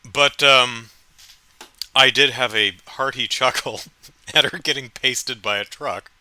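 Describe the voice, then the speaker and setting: A man's voice: medium pitch, slow, pushed and bright. A man hosting a casual solo podcast, recapping with wry, amused storytelling into a close mic. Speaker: podcast host.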